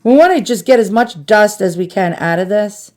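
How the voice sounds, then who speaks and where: While she cleans an antique in her home, a woman vlogger with a New York accent talks freely and self-deprecatingly to her audience. Her mid-range voice is expressive and darkish, at a normal speed.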